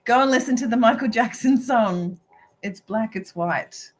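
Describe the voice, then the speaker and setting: A spiritual business coach gives a live video reading in a slightly high, unhurried voice, captured on a low-quality recording. She's emphatic and preachy, keeps asking "right?", giggles often and swears now and then.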